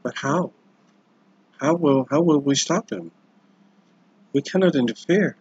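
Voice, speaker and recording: A man's voice: on the high side, unhurried, slightly rough, no echo, highs cut off, voice pushed up. A man voicing a pleading forest lady. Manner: soft, pleading, anxious questions. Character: grieving noble lady of the forest.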